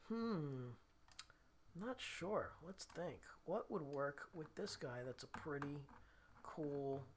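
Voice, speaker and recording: A guitarist hosts his weekly livestream, chatting casually with viewers, laughing often at his own expense and reading their comments aloud. His voice is a little high and a bit bright, with slight background noise.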